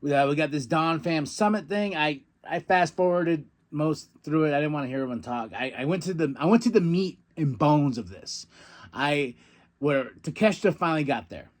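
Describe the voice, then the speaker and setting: A man hosting a podcast, recapping a wrestling show in a loose, chatty way. His voice sits a little high, and he gets excitable, acting out quotes and laughing as he goes. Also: moderate pace. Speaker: podcast host.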